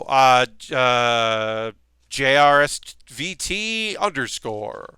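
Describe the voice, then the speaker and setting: A man's voice: mid-range voice, animated, very slow, bright, forceful tone, smooth, dry recording. A man live-streaming a model kit build, chatting casually to his viewers, ranting and rambling with lots of fillers.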